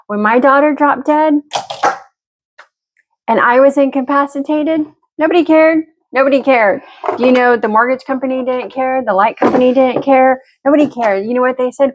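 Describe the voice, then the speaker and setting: A woman's voice: high-pitched, moderate pace. A middle-aged woman venting frankly and emotionally to camera as she gets ready, swearing freely. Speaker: vlogger. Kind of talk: candid talk to camera while getting ready.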